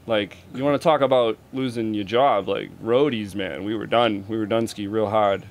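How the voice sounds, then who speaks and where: A man's voice: fairly low pitch, steady tone, normal speed. A man in his thirties, a touring roadie and musician, chatting as a podcast guest in a laid-back, profane and self-deprecating way. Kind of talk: casual interview chat.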